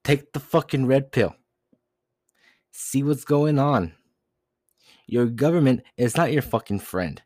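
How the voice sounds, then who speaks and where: A man's voice: medium pitch, expressive, slow, pauses often, a little mellow, dry recording, clean studio sound. A young man ranting alone as a podcast host, profane and agitated, rambling and swearing constantly. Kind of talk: solo rant.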